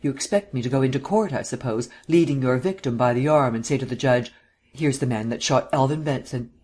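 A man's voice: medium pitch, a little fast, a little mellow, husky, lightly acted. A man voicing a stern male district attorney who speaks coldly and indignantly. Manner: cold, clipped and indignant.

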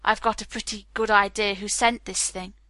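A woman's voice: mid-range voice, little pitch movement, normal speed, pushed and bright, dry recording, lightly acted. A woman reading the part of a self-assured young man, wry and lightly teasing.

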